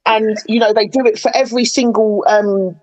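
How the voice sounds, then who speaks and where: Woman chatting on a podcast, kinda high voice, opinionated and animated. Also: moderate pace, rough recording. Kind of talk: casual chat.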